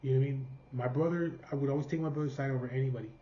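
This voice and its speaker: Racing along in a steady, mid-range voice, this man recounts a personal story in a blunt, profane, casual manner, voicing the people he quotes. The audio sounds dull, with a little noise.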